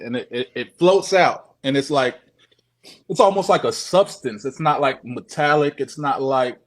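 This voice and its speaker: Man excitedly retelling a strange sighting. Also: mid-range voice. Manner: profane, repetitive, animated retelling. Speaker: guest sharing a sighting. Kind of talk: casual storytelling.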